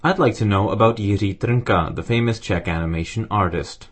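Husky low-voiced man reading a letter. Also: moderate pace. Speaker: reader of listener letters. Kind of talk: reading letters aloud on radio.

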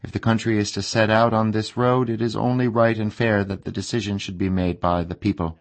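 A man reading a translated statement as a voice-over in a news report, in a steady, formal way. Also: fairly low pitch, fairly quick.

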